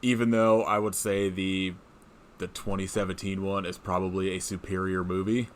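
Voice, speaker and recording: A man's voice: sits low, flat delivery, normal speed, a little hiss or hum. Laid-back swearing podcast man. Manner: swears freely, rambling and laughing. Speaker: podcast co-host. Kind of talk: casual chat.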